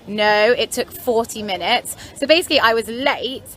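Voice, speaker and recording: A woman's voice: on the high side, moderate pace, a bit bright. A young woman from London, telling a story to her vlog camera in a chatty, rambling way with frank, wry asides. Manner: chatty, rambling, lots of "anyway" and "like". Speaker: vlogger.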